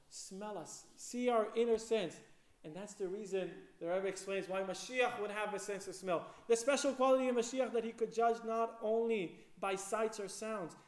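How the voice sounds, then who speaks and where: High-voiced man telling a story in an echoey room. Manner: animated storyteller, acts out quoted voices, many fillers. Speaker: rabbi. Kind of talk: Torah portion sermon with storytelling.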